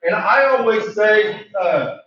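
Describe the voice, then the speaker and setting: A man leading a training session, asking the room questions and repeating words for emphasis, clearing a voice he is losing. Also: high-pitched, animated, slow, fairly bright tone. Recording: very echoey room, distant mic, muffled.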